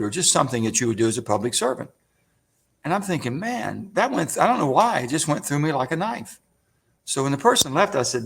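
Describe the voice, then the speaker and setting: Gravelly older man storytelling. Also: medium pitch, fast. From West Virginia. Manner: folksy, animated retelling with acted quotes. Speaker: interview guest, senator. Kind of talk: storytelling interview answer.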